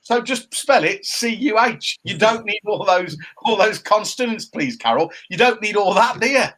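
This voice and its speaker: A middle-aged man, co-hosting a casual chat show from home and given to animated, jokey rants. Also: high-pitched, moderate pace. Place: home room by a window. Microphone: laptop camera.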